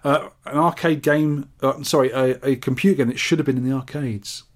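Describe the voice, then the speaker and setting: A British man co-hosting a casual podcast, reading out listener feedback. He has a dry, teasing way of talking. His voice sits at an ordinary middle pitch. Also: fairly even intonation, fairly quick. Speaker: podcast co-host.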